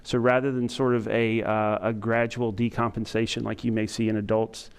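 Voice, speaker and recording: Man, middle-aged, medical training lecture, monotone, hesitant with fillers, smooth clear voice. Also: on the low side. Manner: self-described monotone, halting with frequent fillers. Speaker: emergency physician giving a training lecture. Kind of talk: conference lecture to EMS staff. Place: lecture room with an audience.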